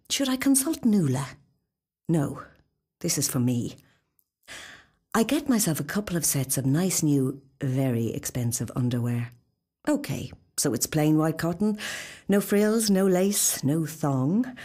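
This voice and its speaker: A woman reading a short story in a wry, confiding, expressive first-person narration, recorded in a studio. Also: deep voice, moderate pace.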